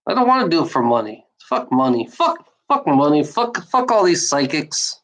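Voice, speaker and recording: A woman's voice: sits low, very animated, moderate pace, a bit bright, low-quality recording. Rambling, profane woman chatting. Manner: rambling, profane, laughs often. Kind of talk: casual rambling monologue.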